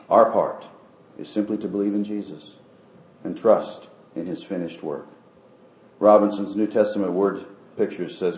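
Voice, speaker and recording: A male pastor preaching a sermon emphatically, often sinking to soft, low phrases. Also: normal speed. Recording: echoey room.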